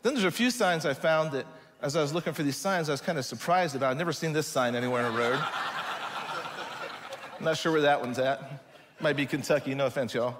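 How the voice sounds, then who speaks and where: Guy preaching, telling a funny story, kinda high voice, big echoey hall. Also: fairly quick, pauses often, slight background noise. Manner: animated, joking, lively storytelling. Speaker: speaker telling a mission trip story. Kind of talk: humorous sermon storytelling. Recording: long hall reverb.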